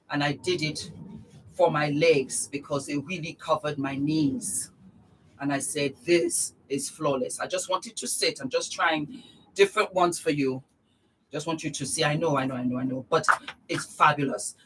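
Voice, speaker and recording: A woman's voice: deep voice, slightly rough, poor audio. A middle-aged woman vlogging a casual beauty product demonstration, gushing and exuberant, repeating her words of praise.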